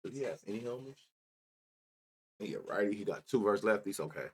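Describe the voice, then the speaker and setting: Low-voiced man muttering through baseball stats. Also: expressive, fairly quick, a little mellow. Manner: thinks aloud, reads off numbers, mutters, casual swearing. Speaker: sports betting show host. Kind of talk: casual solo stats rundown.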